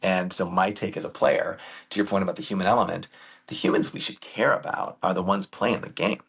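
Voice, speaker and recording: A man with a deep, gravelly voice tells baseball stories as a podcast guest. He talks in an emphatic, lively way, and his tone is slightly husky. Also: a little fast. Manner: animated, emphatic storyteller. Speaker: guest, youth baseball coach and camp director. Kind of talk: casual storytelling conversation.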